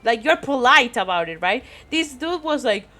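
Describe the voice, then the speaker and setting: A woman's voice: high voice, lively intonation, moderate pace, sharp tone. A woman from Spain with a Spanish accent, casually telling a rambling story on stream and often breaking into giggles. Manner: rambling, giggly, frequent laughter.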